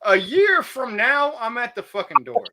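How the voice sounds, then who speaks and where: Brash, high, lively man swearing. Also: normal speed, vocal fry. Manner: brash, profane, says "dude" constantly. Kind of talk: casual livestream chat.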